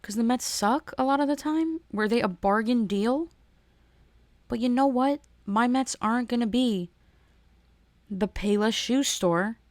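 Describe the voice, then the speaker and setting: A woman hosting a podcast, ranting in a casual, animated way and often restarting and repeating her words. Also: fairly high pitch, no room sound. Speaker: podcast host. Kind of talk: casual solo rant.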